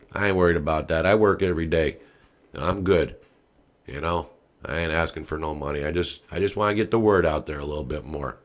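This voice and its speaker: A man hosting a political podcast, talking in a profane ranting style that swings from quiet muttering to loud shouting. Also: deep voice. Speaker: podcast host. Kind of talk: political commentary rant.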